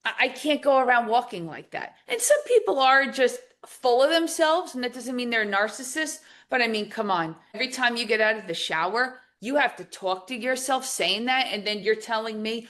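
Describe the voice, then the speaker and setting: A middle-aged woman from New Jersey, a podcast guest talking casually, animated and emphatic as she tells stories. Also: on the high side, normal speed, hardly any pauses. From New Jersey, USA. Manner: animated storyteller, lively emphatic outbursts. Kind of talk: casual conversational interview.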